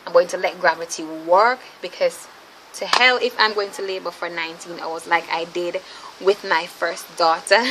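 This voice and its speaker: Young woman vlogger, bright forceful voice, chatty and animated, recorded at home on a camera mic. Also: fairly low pitch, slight background noise, rough recording. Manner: chatty, animated, laughs often, addresses viewers as ladies. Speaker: vlogger, mother. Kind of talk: casual vlog storytelling.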